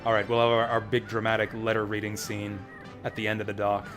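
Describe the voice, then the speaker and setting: Over faint game music, a man streams an old role-playing game, chatting casually and reading its text aloud with asides of his own in relaxed let's-play commentary. His voice is on the low side, monotone, fairly quick and fairly bright.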